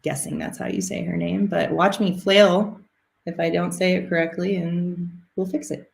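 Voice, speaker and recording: A woman's voice: lowish voice, fairly even intonation, normal speed, creaky, a little mellow. A woman making live acquisitions calls on a teaching stream, upbeat, laughing easily and poking fun at herself. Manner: laughing, self-deprecating, upbeat. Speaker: acquisitions caller. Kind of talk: live call demonstration.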